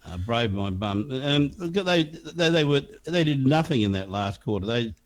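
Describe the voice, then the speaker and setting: A man's voice: medium pitch, lively intonation, moderate pace, no echo. An Australian man co-hosting a casual sports podcast, blunt and scornful, often restarting his sentences. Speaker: podcast co-host.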